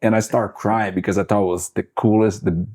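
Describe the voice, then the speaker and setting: Guest musician: very deep-voiced brazilian man, forties, accented english, halting, fillers. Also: fairly even intonation, darkish tone. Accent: Brazilian Portuguese. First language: Portuguese. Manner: halting, many fillers and restarts. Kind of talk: casual interview chat.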